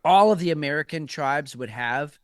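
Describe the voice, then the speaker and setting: A man's voice: a little high, normal speed, clean tone, dry recording, clean studio sound. A man co-hosting a casual political chat, rambling and profane, with frequent restarts. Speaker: podcast co-host.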